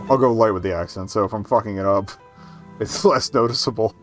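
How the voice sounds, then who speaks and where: A man giving casual let's play commentary, excitable, profane and self-mocking as he plays. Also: fairly low pitch, brisk, faint music behind.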